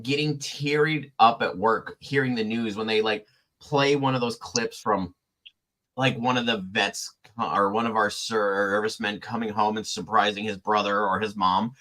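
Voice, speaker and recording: A young man hosting a casual chat, animated and stammering, quick to laugh. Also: lowish voice. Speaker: podcast host.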